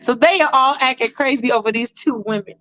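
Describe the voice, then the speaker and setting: A woman's voice: fairly high pitch, brisk, fairly bright tone, lo-fi sound. A woman casually freestyling a story and chatting straight to her listeners.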